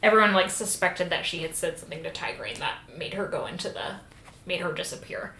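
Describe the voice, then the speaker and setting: A woman co-hosts a podcast, recapping a book with animated, profane storytelling. Her voice sits in a roomy space with a faint hiss behind it. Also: fairly low pitch, a little fast. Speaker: podcast co-host. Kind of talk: casual chat recapping a book. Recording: roomy sound with faint noise.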